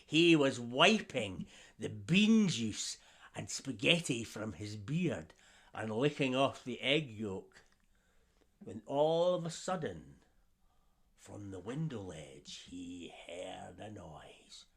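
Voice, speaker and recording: A man's voice: fairly low pitch, very animated, slow, creaky, fairly bright tone, slightly rough. A man telling a story to children, theatrical and drawing the listeners in to join along. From Scotland. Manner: theatrical, asks the young audience to join in.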